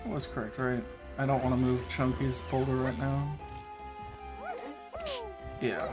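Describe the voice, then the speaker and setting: A man's voice: mid-range voice, steady tone, unhurried. A man streaming a speedrun, rambling casually in a running chat with many fillers and restarts. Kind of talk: casual chat while gaming. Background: game music.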